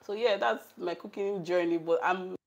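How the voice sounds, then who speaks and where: A woman's voice: fairly low pitch, moderate pace, creaky. A young woman with a Nigerian accent, chatting and laughing as she tells stories while cooking for her vlog. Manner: animated, laughing, chatty storytelling. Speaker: vlogger. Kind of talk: casual chat while cooking.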